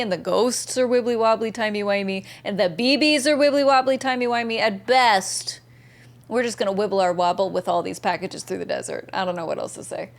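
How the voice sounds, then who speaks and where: A woman from the American Southeast, chatting casually and enthusiastically with viewers while streaming a game. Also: on the high side. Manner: chatty, bubbly, reads chat messages aloud and answers viewers. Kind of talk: casual live-stream chat while gaming.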